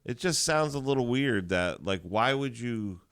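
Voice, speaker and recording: A man co-hosting a morning radio show, bantering in an animated, incredulous way. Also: mid-range voice, unhurried, smooth. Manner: animated, incredulous, laughs often. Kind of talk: casual banter.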